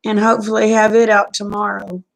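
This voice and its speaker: A woman's voice: mid-range voice, level tone, a little fast, creaky, low-quality recording. A woman chatting casually on a live stream, folksy and drawling, greeting viewers by name.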